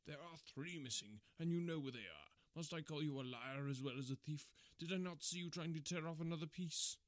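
A man reading as an enraged older banker who shouts accusations at his son in an audiobook. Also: fairly high pitch, a little fast, no room sound, pitched above the performer's own voice, lightly acted. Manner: shouting, outraged.

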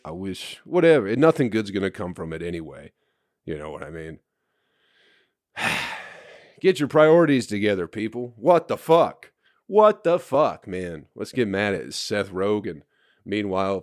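Exasperated, swearing man with a low voice. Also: dry recording, studio quality. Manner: profane, exasperated ranting; rambling, repeats himself. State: hungover. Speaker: podcast host. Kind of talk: solo podcast rant.

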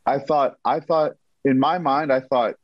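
A man's voice: mid-range voice, a little slow, dry recording. Guy telling a story on a podcast, acts out the quotes, kinda muffled and dry. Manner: animated, acts out quotes, repeats himself. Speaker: guest. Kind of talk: storytelling in a casual interview.

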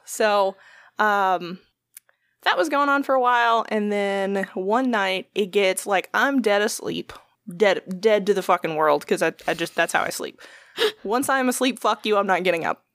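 A young woman tells a rambling story in casual conversation, swearing freely and slipping into the voices of the people she quotes. Her voice sits at an ordinary pitch and sounds dry and close to the mic. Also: measured pace, fairly bright tone, no echo. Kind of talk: casual podcast chat.

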